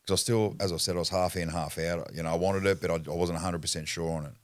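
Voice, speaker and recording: A man with an Australian accent and an extremely deep voice recounts his past in a blunt, rambling way, swearing freely. The sound is close and dry, with no room echo. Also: steady tone, quick pace. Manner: rambling, restarts sentences. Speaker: podcast guest. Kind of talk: candid personal storytelling.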